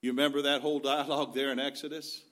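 A man's voice: mid-range voice, flat delivery, fast talker, fairly bright tone. A man preaching a sermon in an earnest, folksy way, weaving in scripture.

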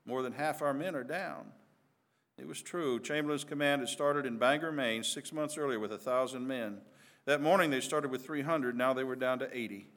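A man narrating a battle story with vivid, emphatic storytelling. His voice sits in an ordinary middle pitch, and he builds drama as he goes. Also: a little fast, fairly bright tone.

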